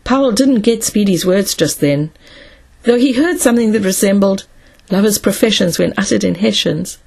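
A woman narrating a science fiction audiobook in a steady storytelling manner. Her voice is mid-pitched and somewhat husky and breathy. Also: normal speed.

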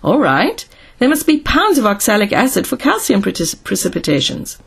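An earnest, anxious young male engineer in a sci-fi audiobook, read by a woman. He explains things carefully, in a soft, slightly breathy voice. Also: medium pitch, huge pitch swings, normal speed, full character voice.

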